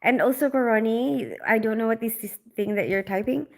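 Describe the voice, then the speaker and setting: A young adult woman who grew up in the Philippines, hosting a casual livestream and chatting quickly with many fillers and laughs while reading out comments. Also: on the high side, vocal fry, a little mellow. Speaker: livestream host, operating room nurse.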